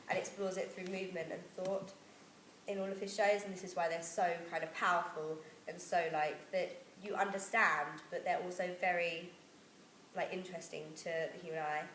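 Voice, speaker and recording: A woman's voice: fairly low pitch, fairly even intonation, moderate pace, a bit bright. A woman giving a class presentation, talking hesitantly with many fillers. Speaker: student presenter. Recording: echoey room with faint noise.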